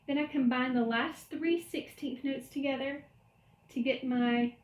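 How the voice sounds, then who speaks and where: High-voiced woman teaching music in an echoey room. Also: steady tone, measured pace. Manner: explains step by step, chants rhythm syllables. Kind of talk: recorded online lecture.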